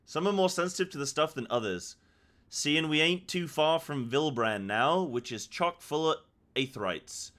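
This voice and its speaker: A man's voice: on the high side, animated, moderate pace, fairly bright tone. A man reading as a chatty ship merchant. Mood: friendly. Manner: reading game dialogue aloud in his own voice.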